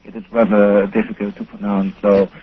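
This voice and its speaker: A German-accented male guest researcher with a fairly low voice speaks in a completely flat delivery during a call-in radio interview. He's earnest, with slightly halting non-native phrasing, heard over a thin telephone line with faint hiss.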